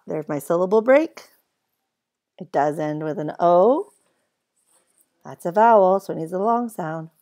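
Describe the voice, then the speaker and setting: A woman's voice: on the low side, expressive, measured pace, pauses often, mellow. A woman teaching a phonics lesson to young children, spelling words out letter by letter in an encouraging way.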